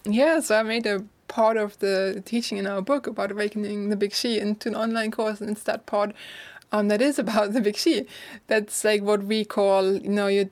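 A young adult German woman, an author and course teacher, chats casually as an interview guest. Her medium-pitched, darkish voice stays fairly even at a normal pace, and she laughs often and fills her speech with "like."

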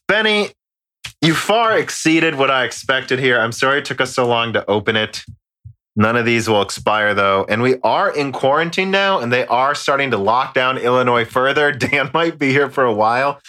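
A man's voice: medium pitch, expressive, normal speed, bright, forceful tone. A man co-hosting a podcast in casual chat, joking, swearing and stumbling over foreign words. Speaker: podcast co-host. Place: home recording during quarantine.

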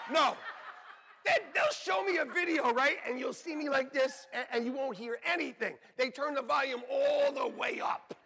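Animated joking male pastor, bright voice. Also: extremely high pitch, creaky, breathy edge. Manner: joking, animated storytelling with laughs. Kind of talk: sermon. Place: church sanctuary.

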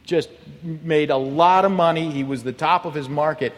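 A male pastor preaching a sermon, telling stories with animated delivery that climbs toward near shouting. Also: on the high side, normal speed, in a large hall. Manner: animated storytelling, rises to near shouting at climaxes. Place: church hall.

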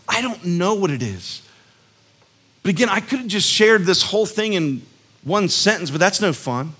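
A man's voice: high-pitched, expressive, unhurried, pauses often, bright, forceful tone, breathy edge. A man preaching a sermon as a pastor, conversational and earnest, telling stories and acting out quotes with emphasis. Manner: conversational, storytelling with acted-out quotes.

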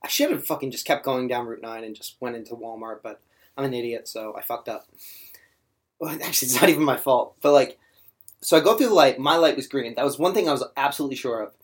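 A man's voice: medium pitch, quick pace. A young man in casual podcast chat, blunt and swearing freely as he tells a story.

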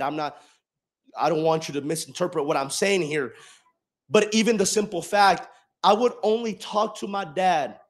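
A young male preacher with a high voice gives a personal testimony from the pulpit. He sinks into quiet reflection and then climbs into loud, shouted emphasis that carries off the microphone across the church. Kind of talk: sermon.

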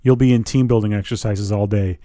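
A man's voice: fairly low pitch, fairly even intonation, a little fast, mellow, dry recording, studio quality, lightly acted. A man reading aloud as a thin, stern young corporate HR man with stiff, formal phrasing. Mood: menacing.

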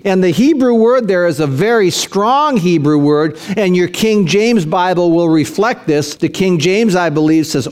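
A man with a high voice delivers a sermon as pastor. He talks in a relaxed, conversational way, then climbs in pitch and force when he presses a point. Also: normal speed, few pauses. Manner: conversational preaching with rising emphasis, addresses listeners as "man".

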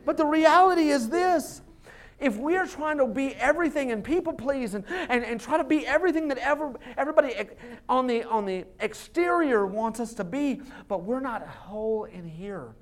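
A man preaching a sermon as lead pastor, animated and joking, acting out little voices and laughing along. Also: very high voice, moderate pace.

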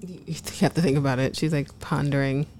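A woman's voice: deep voice, fairly even intonation, fast, darkish tone, a little hiss or hum. A woman co-hosting a casual chat, frank and opinionated, sometimes reflective. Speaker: podcast co-host.

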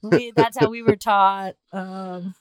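A woman co-hosting a podcast, chatting casually about a cartoon episode, laughing often and acting out quoted lines in animated voices. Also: mid-range voice, slow. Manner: giggly, laughs often while retelling scenes. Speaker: podcast co-host.

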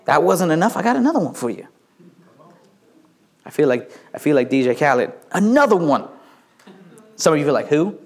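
A man's voice: a little high, big pitch swings, fast, gravelly, pauses often. A man preaching a sermon with playful jokes and frequent stammered restarts, a father of young kids. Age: adult with young children. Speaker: pastor.

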